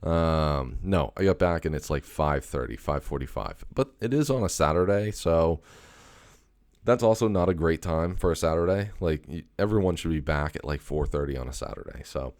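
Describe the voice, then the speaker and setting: Very deep-voiced guy rambling casually. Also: lively intonation, moderate pace, a little mellow, dry recording, clean studio sound. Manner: loose and swearing, many fillers and restarts. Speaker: podcast host.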